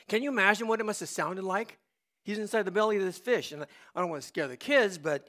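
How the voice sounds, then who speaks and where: An older man preaching a sermon as a pastor. His delivery is dramatic, moving from hushed confession to loud shouts. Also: high-pitched, quick pace. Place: church.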